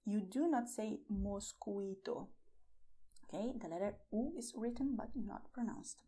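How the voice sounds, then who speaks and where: A woman teaching beginners to pronounce words, repeating each one slowly and carefully. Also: on the high side, mellow, husky. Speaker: Spanish teacher. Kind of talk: slow pronunciation lesson for beginners.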